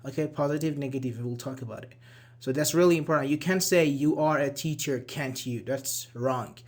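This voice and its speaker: A man's voice: medium pitch, fairly quick. A man teaching an English grammar lesson in an online class, explaining patiently and repeating key words, with frequent "uh" and "okay".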